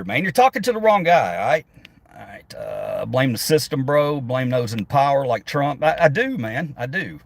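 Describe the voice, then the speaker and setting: With a medium-pitched voice and no echo, a middle-aged man streams from his phone while driving. He reads chat comments and tears into them in a sarcastic, combative rant, swearing frequently.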